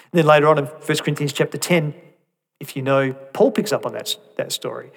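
A man preaching a sermon, conversational and animated, swinging between emphatic peaks and soft asides with rhetorical questions. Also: on the high side, a little fast, gravelly.

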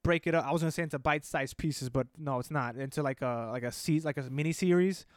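A man's voice: a little high, fast talker, dry recording, studio quality. A man co-hosting a casual podcast chat, telling stories in a rambling way and laughing easily. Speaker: podcast co-host.

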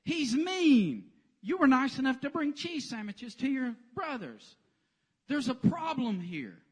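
A man's voice: very high voice, big pitch swings, unhurried, husky, voice pushed up, heavily acted. A man playing a doubtful king who lectures a boy bluntly in short jabs. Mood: scolding.

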